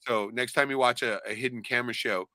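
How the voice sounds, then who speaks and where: A man's voice: medium pitch, fairly even intonation, fast, pushed and bright, no room sound. A man on a casual podcast, rambling and swearing a lot, often tagging lines with "right?". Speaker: podcast co-host. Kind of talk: casual profane chat.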